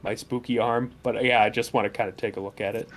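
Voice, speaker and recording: A man playing a tabletop game, talking through his turn with many pauses and fillers. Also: on the low side, fairly even intonation, slight background noise. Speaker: player. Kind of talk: casual tabletop game chat.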